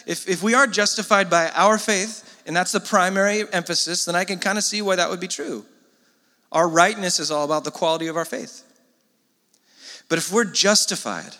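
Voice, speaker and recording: Bright-voiced preacher in a reverberant hall. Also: male voice, on the high side. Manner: conversational, animated preaching with asides to the congregation. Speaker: pastor. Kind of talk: sermon.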